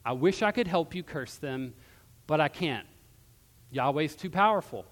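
A man's voice: a little high, animated, a little slow. A man voicing a greedy, evasive male fortune teller in a casual, wheedling tone. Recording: long hall reverb.

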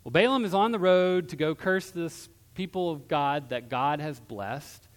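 A male pastor preaching a sermon in a church, retelling a story in a conversational way with a quiet close. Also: on the high side, a little slow. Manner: conversational storytelling, dropping softer at ends of phrases. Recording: long hall reverb.

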